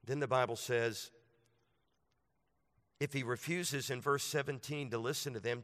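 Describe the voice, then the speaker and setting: Male pastor preaching, mid-pitched, conversational to emphatic, long hall reverb. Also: measured pace, pauses often, a bit bright. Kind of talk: sermon. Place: church sanctuary.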